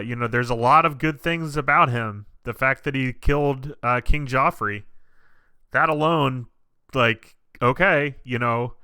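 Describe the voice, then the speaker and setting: Slow, easygoing man reacting to a show. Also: mid-range voice, bright, forceful tone, smooth, dry recording. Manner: thinks aloud with many restarts, easygoing. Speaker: reaction video host. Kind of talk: casual reaction commentary.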